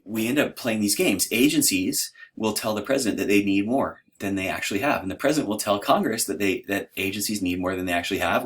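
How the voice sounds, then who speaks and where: A man's voice: lowish voice, fairly bright tone. A man giving an informal, conversational lecture in a hesitant, self-deprecating way.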